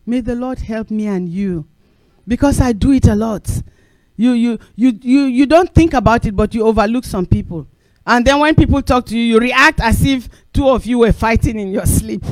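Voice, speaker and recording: A man's voice: high-pitched, moderate pace, no echo. A man preaching a sermon, telling stories and repeating phrases for emphasis. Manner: animated storytelling with acted quotes.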